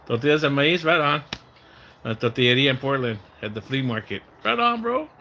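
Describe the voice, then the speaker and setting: A man hosting a loose, rambling livestream and chatting straight to his viewers. His voice is bright and forceful, and he mixes Spanish words into his talk. Now and then he breaks into excited whoops. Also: medium pitch, fairly quick, a little hiss or hum. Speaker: livestream host. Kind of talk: casual livestream chat with viewers.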